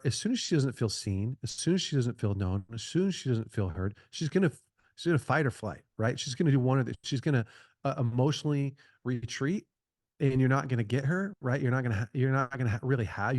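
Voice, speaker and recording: A man's voice: medium pitch, animated, fairly quick, darkish tone, dry recording, clean studio sound. A middle-aged man speaking as a podcast guest, giving earnest advice in a conversational way, repeating and restarting his phrases.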